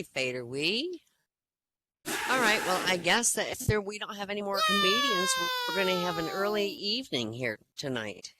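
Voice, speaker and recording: In an online virtual-world voice chat, a woman hosts a casual open-mic comedy night, telling jokes in a chatty, rambling way with hesitant fillers. Her voice is lowish, and the background is noisy.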